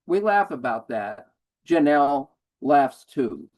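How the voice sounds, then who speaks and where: A man's voice: medium pitch, animated, measured pace, poor audio. A man in his seventies, a featured poet, giving a poetry reading in a dry, wry manner. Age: 70s. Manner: dry, wry delivery of humorous verse.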